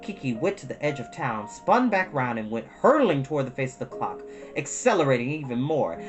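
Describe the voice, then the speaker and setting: A woman storyteller reading a children's book aloud with an expressive, lively delivery. Her voice sits low but swings widely as she narrates. Guitar music plays clearly behind her. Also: fairly quick, dull audio. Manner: expressive, addresses young listeners.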